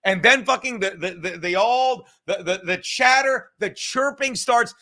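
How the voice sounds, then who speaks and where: A man hosting a casual livestream podcast, talking in a rambling, animated way full of swearing. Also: high voice, measured pace, hardly any pauses. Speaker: podcast host.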